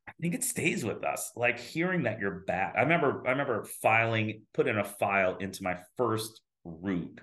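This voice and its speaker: Low-voiced man telling animated stories. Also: normal speed. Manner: animated storyteller who acts out quoted voices. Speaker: dentist, guest. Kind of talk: casual podcast conversation.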